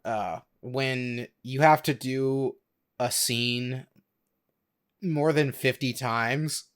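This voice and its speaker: A man's voice: medium pitch, extremely slow, clear, resonant tone. A young man co-hosting a podcast in casual chat, hesitant, often stammering and restarting his sentences. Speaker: podcast co-host.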